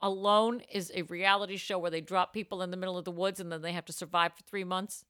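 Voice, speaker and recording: A woman's voice: lowish voice, fairly even intonation, fast talker, fairly bright tone, clean tone, no room sound, clean studio sound. A young woman co-hosting a podcast, chatting casually and telling anecdotes with frequent laughter. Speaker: podcast co-host. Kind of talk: casual chat, storytelling.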